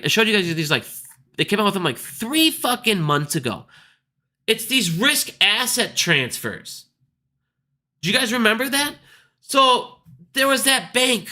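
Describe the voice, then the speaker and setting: A man's voice: high-pitched, pushed and bright. A man hosting his own market video, ranting casually in a blunt, profane, scornful way. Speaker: stock market video host.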